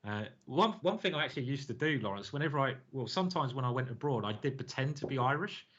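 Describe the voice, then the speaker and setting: An English man talks through chess games in a loose, joking stream-commentary way. He laughs often and is chatty. His mid-pitched voice comes through a dull, lo-fi stream recording. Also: animated, quick pace, fairly bright tone. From England.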